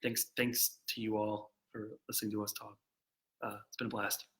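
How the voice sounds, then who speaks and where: A man, a guest artist and animator, chatting casually on a live stream, with many halting restarts. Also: lowish voice, little pitch movement, fairly bright tone, low-quality recording. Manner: halting, restarts often, easygoing.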